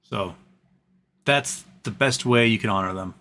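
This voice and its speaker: A man's voice: fairly low pitch, a little slow, bright, forceful tone, soft background music. A man hosting a casual livestream, reading chat messages aloud and answering them in an earnest, rambling way with frequent restarts.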